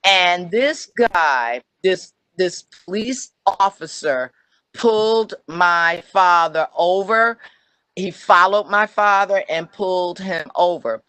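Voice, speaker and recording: Bright-voiced older woman telling a story. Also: fairly low pitch, takes it slowly, clean tone, no room sound. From New Jersey. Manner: animated, acts out quoted voices. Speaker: webinar presenter. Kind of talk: personal storytelling.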